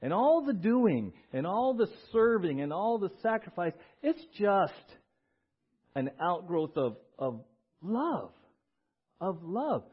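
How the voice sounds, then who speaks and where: A man preaching a sermon as pastor in a church, animated, acting out little voices and asking the congregation questions. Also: high voice, takes it slowly, slightly rough, lo-fi sound. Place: church sanctuary.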